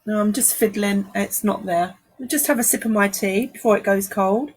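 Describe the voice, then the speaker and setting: A woman's mid-range, slightly rough voice moves at a normal speed as she demonstrates watercolour painting live from an art studio. The teacher, who has a London accent, keeps up a chat with viewers and greets them as she paints.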